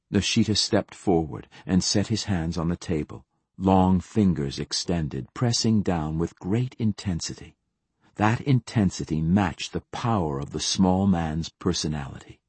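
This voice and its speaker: A man narrating an audiobook in the first person, in a steady, even storytelling manner. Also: low voice, husky, dry recording.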